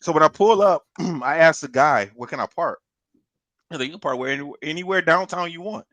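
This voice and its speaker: A man on a podcast telling a long story in a casual, animated way, swearing and laughing as he goes. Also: fairly high pitch, brisk, dry recording. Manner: animated, profane, laughs through his story. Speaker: podcast co-host.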